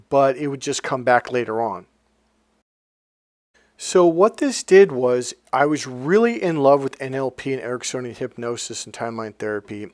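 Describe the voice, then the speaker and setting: A man's voice: mid-range voice, darkish tone, dry recording. A man, a life coach, telling a personal story in a rambling, blunt, casual way, swearing now and then.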